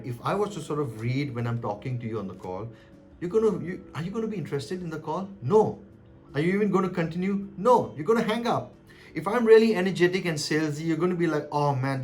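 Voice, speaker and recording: A man coaching on cold calling, talking emphatically and acting out sample calls. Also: medium pitch. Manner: animated, emphatic, acts out calls. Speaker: sales coach. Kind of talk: direct-to-camera coaching talk.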